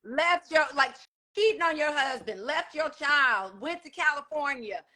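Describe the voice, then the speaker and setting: Animated woman on a video call from a hotel room. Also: high voice, a little slow. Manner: animated, dramatic exclamations. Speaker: co-host. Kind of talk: casual chat.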